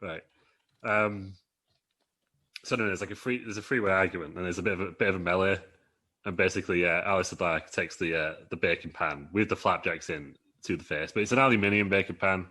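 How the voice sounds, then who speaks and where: A man co-hosting a podcast, telling a comic story through laughs and putting on quick voices. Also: low-pitched, sharp tone. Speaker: podcast co-host. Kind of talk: casual comedic chat.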